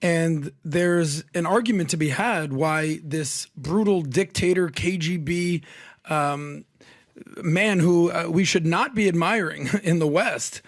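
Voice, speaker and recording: Man, panelist, higher voice, dry close mic, asks questions and reasons aloud. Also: takes it slowly, no room sound. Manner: poses questions, thinks out loud. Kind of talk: casual talk show discussion.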